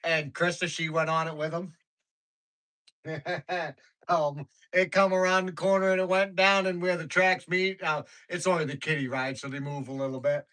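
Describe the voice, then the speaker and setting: A man's voice: fairly high pitch, fairly even intonation, normal speed, sharp tone, low-quality recording. A man hosting a livestream, casually chatting with viewers and telling rambling stories with slangy speech and frequent laughs. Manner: rambling, storytelling, laughs often. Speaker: livestream host.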